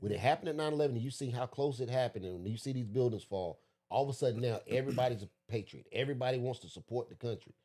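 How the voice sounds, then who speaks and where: A man, co-hosting a casual podcast chat, swearing freely and telling animated stories. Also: mid-range voice, very fast. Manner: storytelling, profane, animated. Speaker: podcast co-host.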